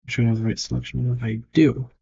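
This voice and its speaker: A man's voice: mid-range voice, little pitch movement, fast, gravelly, dark tone, muffled recording, a little hiss or hum. A man thinking aloud and judging his own work as he draws, in casual narration. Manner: muttered, self-critical thinking aloud. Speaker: digital artist. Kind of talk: casual narration while drawing.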